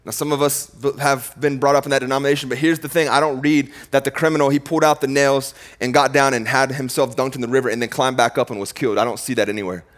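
A man of middle pitch preaches a sermon in a relaxed, conversational way. He swings from loud, emphatic declarations down to hushed, slowed passages, often repeating himself as he goes. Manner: casual, conversational phrasing with frequent repeats. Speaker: pastor.

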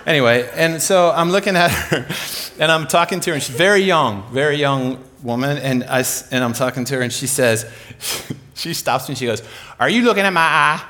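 A man's voice: mid-range voice, normal speed, a bit bright. A man preaching a sermon, telling comic stories with lots of laughter. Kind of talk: sermon storytelling.

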